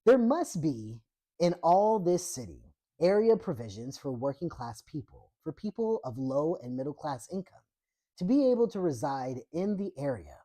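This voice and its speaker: A woman voicing a male union leader at a rally, trying an Australian accent while reading his words slowly. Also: deep voice, big pitch swings, warm tone. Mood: earnest. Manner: attempted Australian accent, slow speech.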